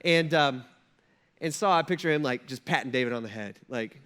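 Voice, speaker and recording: A man's voice: mid-range voice, moderate pace, a bit bright, smooth. A young adult man, a pastor preaching a sermon in a casual, humorous storytelling way.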